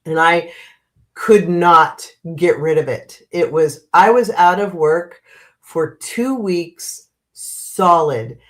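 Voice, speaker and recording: A woman in her fifties with a stuffy, congested nose speaks slowly in a fairly low voice. Hosting a livestream, she chats casually, greets viewers by name, and laughs often.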